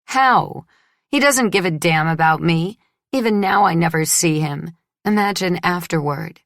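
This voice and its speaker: A woman reader voicing a desperate, resentful young bride who pleads and breaks into shrill outbursts. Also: moderate pace, no echo, studio quality, lightly acted. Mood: tearful bitter.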